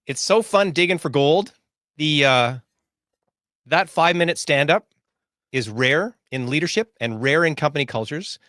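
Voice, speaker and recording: Male executive coach from Canada, mid-pitched, affirming interviewer, dry close recording. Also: expressive, normal speed, fairly bright tone, no echo. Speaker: business coach, podcast interviewer. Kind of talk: conversational interview questions.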